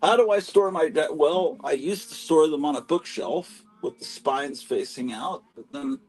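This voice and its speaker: A man's voice: on the high side, big pitch swings, normal speed, a little mellow, slightly rough, poor audio. A man hosting a live stream from home, chatting in a rambling, self-deprecating way among his comic books. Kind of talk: casual live-stream chat. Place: home room stacked with comics.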